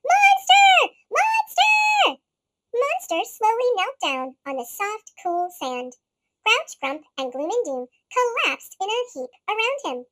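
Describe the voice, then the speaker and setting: A storybook reader altered by a sped-up chipmunk pitch shift, reading a children's picture book slowly and expressively and shouting the characters' lines. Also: big pitch swings.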